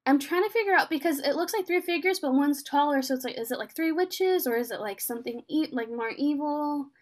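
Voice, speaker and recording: A young woman with a high, light voice talks through a TV episode with a friend. She acts out each character's lines as she goes. Her speech is loose and chatty, with plenty of fillers. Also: brisk. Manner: excited, filler-heavy retelling, acts out the scenes in quoted voices. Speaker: podcast co-host recapping a TV episode. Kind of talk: casual chat.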